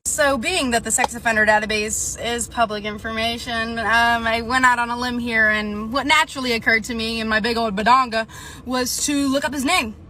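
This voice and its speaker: Bright, wry woman talking in a car. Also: a little high, steady tone, moderate pace, slight background noise. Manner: incredulous, wry. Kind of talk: storytime.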